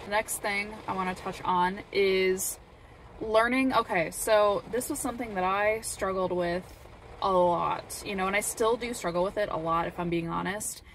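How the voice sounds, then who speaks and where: A woman who is a vlogger and a parent speaks earnestly and from the heart to the camera, encouraging her viewers and repeating words for emphasis. Her mid-range voice keeps a fairly even intonation at a normal speed, with slight background noise from faint rain.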